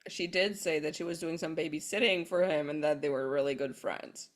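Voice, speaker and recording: A woman's voice: low-pitched, fairly even intonation, brisk. A woman playing a tabletop role-playing game, blunt and practical in her talk. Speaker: player. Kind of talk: in-character tabletop play.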